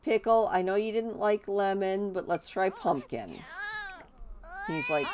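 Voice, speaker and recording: Brief: playful woman game commentator, lively pitch, relaxed slow delivery. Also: background noise. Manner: chatty and playful, gushing over the game's babies. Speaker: gameplay commentator.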